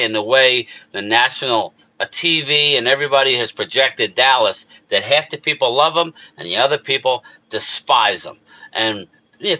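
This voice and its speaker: This muffled recording captures a middle-aged man with a South Jersey accent running a casual live chat on his sports YouTube channel. His mid-range voice is bright and forceful, and he rambles with emotion while answering viewers and talking back to chat readers.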